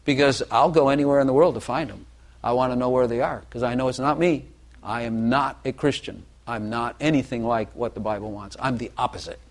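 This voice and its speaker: Older man giving earnest confessional testimony. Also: mid-range voice. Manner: earnest, self-deprecating, halting. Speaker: speaker giving personal testimony.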